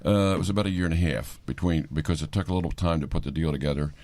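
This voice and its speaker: An older man speaking earnestly as a guest on a radio interview. His voice is extremely deep, and it sounds dry and close, with no room echo. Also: racing, a little mellow. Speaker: aviation company CEO guest.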